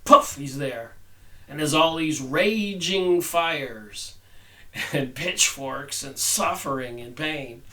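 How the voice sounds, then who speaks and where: A man's voice: on the high side, takes it slowly, pushed and bright, recorded from a distance, rough recording. A man hosting a book review, reading passages aloud and adding his own conversational, rambling asides. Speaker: channel host reviewing a book.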